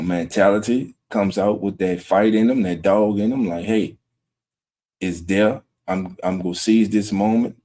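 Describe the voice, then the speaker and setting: A man hosting a late-night sports livestream at home, talking low and greeting chat viewers by name. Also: warm tone. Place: home room at night with wife resting nearby.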